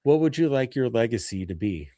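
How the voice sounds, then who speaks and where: A man's voice: medium pitch, very animated, a little fast, warm tone, no room sound. Dry-voiced easygoing male podcast host. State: losing his voice. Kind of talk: casual chat.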